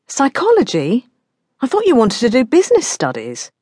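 A woman narrator voicing a practical middle-aged mother and detective who talks brisk and matter-of-fact. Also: on the high side, wildly swooping pitch, darkish tone, slightly rough, no echo, studio quality, pitched above the performer's own voice, heavily acted.

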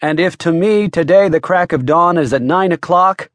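A man voicing a groggy, gruff private eye who is woken too early, speaking in a grumpy and wry way in an audiobook. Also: fairly high pitch, moderate pace, no room sound, pitched above the performer's own voice, close to an everyday voice. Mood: irritated.

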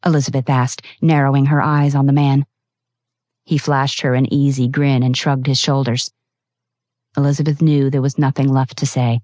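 A woman narrating a novel as an audiobook, reading in a steady, expressive way. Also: sits low, no echo, studio quality. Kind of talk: scripted narration.

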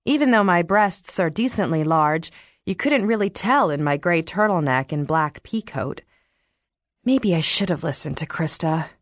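A woman narrating an audiobook in the first person, reading in a wry, expressive way into a studio microphone. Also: fairly low pitch, normal speed, no echo.

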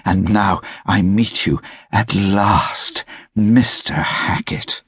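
A man's voice: on the low side, drawn-out words, a bit bright, breathy edge, dry recording, studio quality, heavily acted. A man voicing a fussy, sentimental genteel lady in a raised, cooing voice, in an audiobook. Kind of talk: audiobook character voice.

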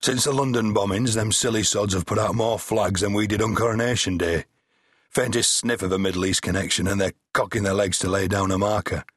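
Guy doing a gruff crude old police boss, low husky voice, blunt. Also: steady tone, a little fast, no room sound, studio quality. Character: bluff older male police chief, crude and blunt.

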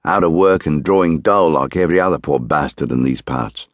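Man reading a miner's son, nottinghamshire accent, blunt, grumbling, low voice. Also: fairly quick, no room sound. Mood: bitter. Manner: blunt, plain-spoken, grumbling. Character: blunt bitter middle-aged miner's son.

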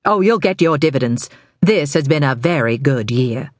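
A woman's voice: deep voice, animated, normal speed, no echo. A woman voicing a ruthless, impatient crime boss who gives clipped, commanding orders in an audiobook. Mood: brisk.

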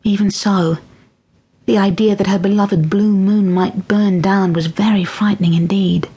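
A woman narrating a children's audiobook with expressive storytelling. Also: mid-range voice, a little slow, slightly rough. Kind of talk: scripted narration of a children's book.

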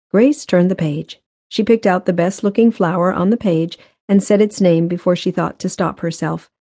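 Woman audiobook narrator; measured, mellow tone, dry close mic. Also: on the low side, dry recording. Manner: measured, even storytelling. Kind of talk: scripted narration. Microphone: close studio mic.

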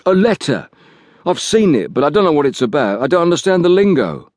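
A man's voice: a little high, big pitch swings, brisk, darkish tone, dry recording, clean studio sound, voice pushed up. A man voicing a frightened, sullen male thug who whines and breaks into panic. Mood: panicky.

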